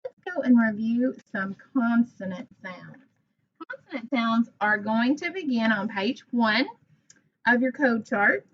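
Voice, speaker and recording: Woman teacher, slightly high voice, slow and encouraging, phonics lesson for children, dull recording. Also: animated, a little hiss or hum. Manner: slow, clear, encouraging teacher talk with modeled sounds.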